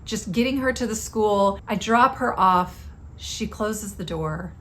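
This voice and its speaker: A woman's voice: medium pitch, animated, measured pace, fairly bright tone, a little hiss or hum. A middle-aged woman hosting a podcast, telling a personal story in a candid, confessional way. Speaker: podcast host.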